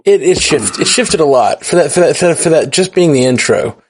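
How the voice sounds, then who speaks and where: A man's voice: on the high side, expressive, fairly quick, slightly rough. A man co-hosting a podcast in casual chat, rambling and correcting himself as he talks. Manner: rambling, self-correcting, easygoing. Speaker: podcast co-host.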